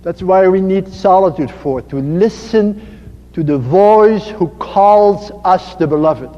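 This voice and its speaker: A man with a Dutch accent giving an earnest spiritual talk as a priest, slow and emphatic, repeating his phrases. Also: high-pitched, dark tone. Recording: muffled archival recording in a reverberant hall.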